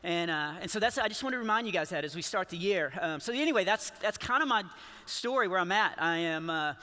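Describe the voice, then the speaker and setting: A man's voice: high-pitched, expressive, fast, bright, forceful tone. Forties guy doing church standup, rambly and laughing at himself, big echoey hall. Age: 40s. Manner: rambling, self-deprecating, laughs at his own jokes. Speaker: comedian. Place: large church hall with a live audience. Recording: long hall reverb.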